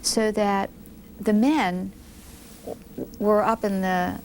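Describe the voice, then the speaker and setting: A woman in her fifties from the United States, candidly recalling events in an interview, animated, with frequent restarts. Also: medium pitch, slow pace, slight background noise. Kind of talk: reflective interview recollection.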